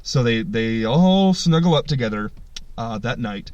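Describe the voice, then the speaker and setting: A man's voice: mid-range voice, a little slow, dry recording, dull audio. A man hosting a podcast, telling a story in casual chat with lots of swearing. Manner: animated, swearing, jumps into voices. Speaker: podcast host.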